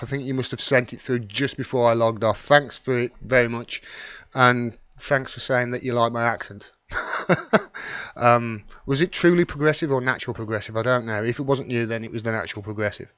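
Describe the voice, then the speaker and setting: A man's voice: mid-range voice, fairly even intonation, moderate pace, fairly bright tone, dry recording, lo-fi sound. A middle-aged man with a Wolverhampton accent, hosting a casual live stream and chatting as he thanks viewers by name. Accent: Wolverhampton (Black Country). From West Midlands, England. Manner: rambling, chatty, reads out and thanks commenters by name. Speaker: YouTube live stream host.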